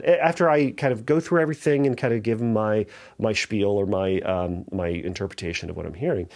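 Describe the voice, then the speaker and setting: A man's voice: lowish voice, fairly quick, darkish tone. Earnest male therapist hosting a podcast. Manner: earnest, reassuring, thinks aloud with restarts. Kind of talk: solo podcast advice talk.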